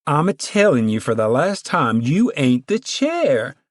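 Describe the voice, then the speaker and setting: A man's voice: on the high side, very animated, measured pace, dry recording, clean studio sound, pitched above the performer's own voice. A man voicing a stern middle-aged woman who chairs a camp committee, talking in a bossy rural drawl. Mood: scolding.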